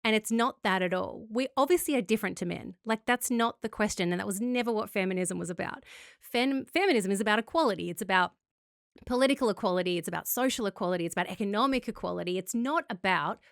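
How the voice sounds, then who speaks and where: A woman co-host speaking in casual podcast chat. She talks in an impassioned, rapid-fire way, and her voice sits in a dry, close-miked sound with no room echo. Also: medium pitch, gravelly.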